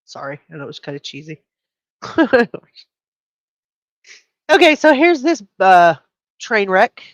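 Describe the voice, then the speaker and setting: A woman's voice: mid-range voice, very animated, slow, no echo. A woman hosting a casual true crime livestream, chatting with viewers, laughing often and reading headlines aloud. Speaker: livestream host.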